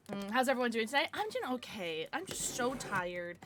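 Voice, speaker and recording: A woman's voice: fairly high pitch, noisy background. A young woman streaming casually from home, gushing over gifts and baby-talking to her dogs between chats with viewers. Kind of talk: casual livestream chat.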